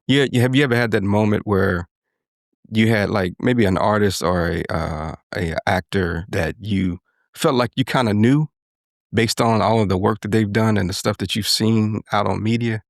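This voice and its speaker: A man's voice: on the low side, moderate pace, vocal fry, no echo, studio quality. A man co-hosting a podcast in a reflective, casual conversation, talking earnestly and often checking in with "right?" and "you know". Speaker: podcast co-host.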